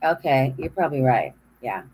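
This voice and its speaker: A woman's voice: very deep voice, expressive, moderate pace, darkish tone, breathy edge, poor audio. An older woman, an acting student, answering her teacher's notes with short agreeing replies over a video call.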